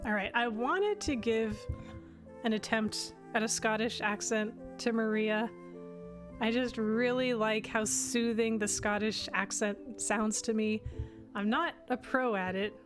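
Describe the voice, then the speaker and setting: A woman's voice: fairly high pitch, a little slow. Casual woman streamer thinking aloud. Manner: self-deprecating, thinking aloud. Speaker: game streamer. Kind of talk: casual game commentary. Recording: music playing underneath.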